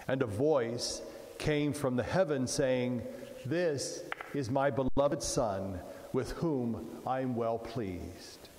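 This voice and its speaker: A man preaching a sermon as a priest, in a slow, measured delivery where his phrases soften and fall at the ends. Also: medium pitch. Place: church. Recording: roomy church echo, long reverb.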